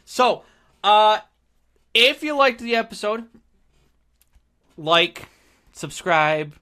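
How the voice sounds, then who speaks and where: A man with a bright, forceful voice pitched a little high hosts a casual podcast chat. He rambles along, trails off and starts his thoughts over. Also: animated, drawn-out words. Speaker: podcast host.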